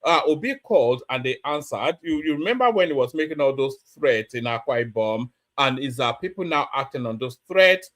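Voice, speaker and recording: A man, hosting a news commentary and explaining at a measured pace with many pauses and fillers. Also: mid-range voice, lively intonation, fairly bright tone. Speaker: host.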